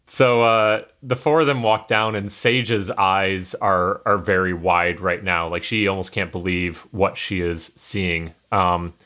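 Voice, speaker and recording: Bright-voiced man running a tabletop game. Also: sits low, steady tone, unhurried, hardly any pauses. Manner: loose, joking narration. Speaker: game master.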